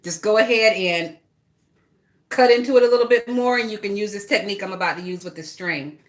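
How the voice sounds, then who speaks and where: A woman's voice: medium pitch, fairly quick. A woman chatting casually and gossiping bluntly, with a lot of swearing, while she works on a craft project. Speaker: vlogger.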